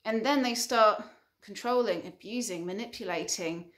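A woman's voice: mid-range voice, normal speed, a bit bright. A woman counselor giving an earnest advice monologue, building her points through repeated short lists. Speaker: relationship counselor.

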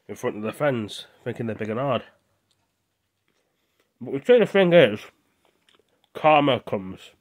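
A young British man talking with his mouth full, venting in a rambling, indignant casual vlog. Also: mid-range voice. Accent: British English. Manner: rambling and indignant, with restarts and repeated words. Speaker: vlogger.

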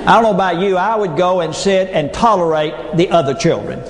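A man's voice: high-pitched, brisk. Folksy man speaking in an echoey hall. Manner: folksy storytelling with punchlines. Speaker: motivational speaker. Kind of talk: humorous keynote speech. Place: large hall before an audience. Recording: echoey hall with long reverb.

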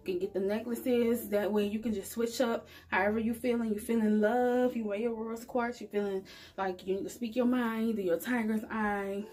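A woman vlogger speaks directly to her followers with a slightly raised pitch and a husky edge. She talks casually and earnestly. She keeps the feel of a heartfelt motivational chat. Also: steady tone, moderate pace, dark tone, soft background music. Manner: earnest, chatty, addresses viewers directly. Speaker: spiritual vlogger. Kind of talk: casual motivational talk to camera.

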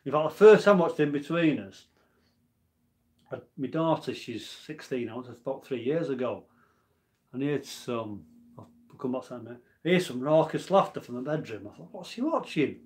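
A man's voice: mid-range voice, fairly quick, a little mellow. A man in his forties who hosts a homebrew channel, rambling in a casual live-stream chat and answering viewer comments as he goes.

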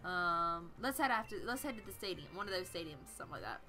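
A woman's voice: on the low side, big pitch swings, quick pace, pushed and bright, soft background music. A woman hosting a video game let's play, chatting casually and giggling as she reads the game's dialogue aloud. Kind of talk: casual gameplay commentary.

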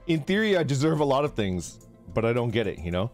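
Animated, laughing male streamer. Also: mid-range voice, quick pace, faint music behind. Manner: laughs a lot while telling stories, reads chat names aloud. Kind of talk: casual live-stream chat.

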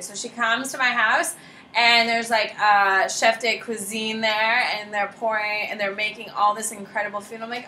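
A woman's voice: on the high side, level tone, moderate pace, sharp tone. A woman teacher giving a casual, joking classroom lecture and often saying "like". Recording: roomy classroom echo with faint noise.

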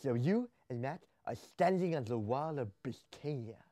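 Guy doing bossy teen game master kid, slurpy tongue-back talk, dark mellow voice. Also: mid-range voice, expressive, moderate pace, dry recording, lightly acted. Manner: slurping through teeth, tongue pulled back. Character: bossy teenage boy game master, self-important.

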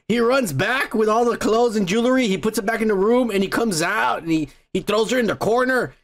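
A man's voice: very high-pitched, unhurried, pushed and bright. A tipsy male podcast host in a profane, rambling rant, swearing and laughing often. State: tipsy from beer.

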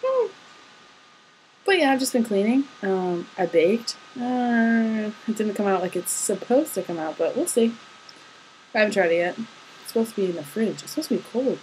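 A woman's voice: mid-range voice, lively intonation, normal speed, a little mellow, a little hiss or hum, low-quality recording. Giggly young woman rambling to her partner. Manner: chatty, giggly, affectionate rambling. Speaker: vlogger. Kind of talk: video diary to a partner. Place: home, indoors at night.

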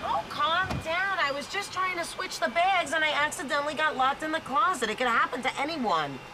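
Sitcom nanny type, woman, brash quipping delivery, slightly high voice, loud audience noise behind. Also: lively intonation. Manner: wisecracking, fast-talking. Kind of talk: sitcom acting. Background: studio audience laughter.

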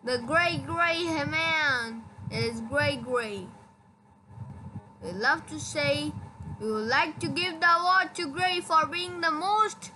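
A woman's voice: high voice, lively intonation, slow, hardly any pauses. A woman giving casual gameplay commentary, insistent and exasperated, repeating her point over and over. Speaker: gaming video creator. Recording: noisy home recording.

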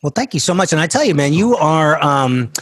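A man in his fifties hosting a podcast over a video call, chatting casually and joking in an animated, exclamatory way. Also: on the high side, fairly quick, no echo. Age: 50s. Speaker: podcast host. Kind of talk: casual interview chat.

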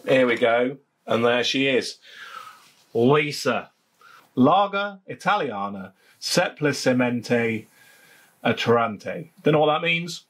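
A man's voice: mid-range voice, fairly bright tone. A man with a Leicestershire accent, chatting casually and jokingly as he reviews a beer at home, often repeating his phrases. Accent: Leicestershire English. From England. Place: home garden, outdoors.

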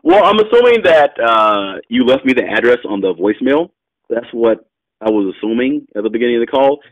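A man coaching a student over a call on real estate, casual and loose, often laughing and acting out quick phone exchanges. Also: medium pitch, very animated, dull audio. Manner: loose, laughing, quick bursts of role-played phone talk.

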